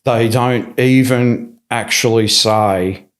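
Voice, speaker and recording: A man, a podcast guest, telling his story in a lively, casual way, acting out what people said and often restarting his sentences, recorded in a studio. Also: medium pitch, takes it slowly. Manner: animated, acts out quoted voices, many restarts.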